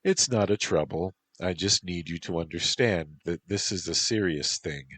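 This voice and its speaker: A man's voice: low voice, normal speed, a bit bright, husky, no room sound. A man voicing a reserved, formal woman who serves a prince, speaking stiffly.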